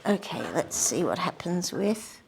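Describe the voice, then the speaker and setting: A woman giving a painting demonstration, murmuring softly to herself and often dropping to a whisper. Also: on the low side, big pitch swings, a little slow, vocal fry, slight background noise. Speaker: art instructor.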